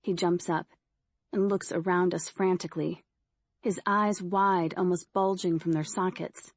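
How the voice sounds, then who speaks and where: A woman narrating a first-person horror audiobook in a steady, measured storytelling manner. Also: on the low side, dry recording.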